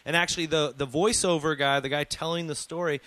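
A man's voice: fairly high pitch, fairly even intonation, a little fast, pushed and bright, no room sound. A man hosting a casual radio show, bantering and joking at his own expense. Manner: self-deprecating, jokey.

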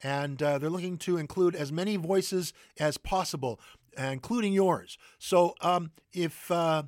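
A man hosting theater announcements, stumbling through with fillers and self-corrections. His voice sits a little high, and it is recorded close to the mic, dry and without room sound. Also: measured pace, no echo. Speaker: theater news host. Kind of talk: casual radio announcements.

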